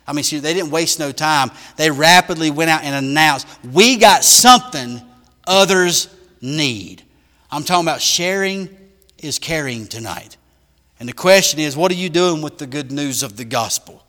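Emphatic preacher in echoing church. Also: male voice, a little high, moderate pace, sharp tone. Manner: emphatic preaching with big swings in volume. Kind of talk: sermon.

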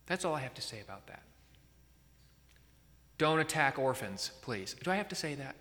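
A man's voice: medium pitch, sing-song, moderate pace, sharp tone, long reverb tail. A man preaching a sermon in a conversational way, often checking in with his listeners. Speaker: pastor.

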